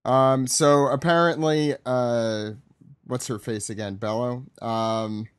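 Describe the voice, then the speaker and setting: Chatty podcast host, dry close sound. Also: male voice, medium pitch, fairly even intonation, slow pace, clean tone, dry recording. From Long Island, United States. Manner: chatty and rambling, with frequent fillers and self-corrections. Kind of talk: casual chat recapping a comic chapter.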